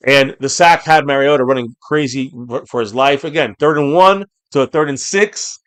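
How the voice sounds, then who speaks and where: A man hosting a live game reaction stream, calling plays, reading viewer comments aloud, and erupting into shouts on big plays. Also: on the high side, fairly quick, few pauses, no echo, clean studio sound.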